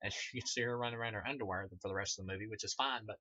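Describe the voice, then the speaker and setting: A man's voice: on the low side, fairly even intonation, rapid-fire, pushed and bright, no room sound, highs cut off. Rambling, foul-mouthed man reviewing a movie. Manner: rambling, profane, laughs often. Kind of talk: casual spoken film review.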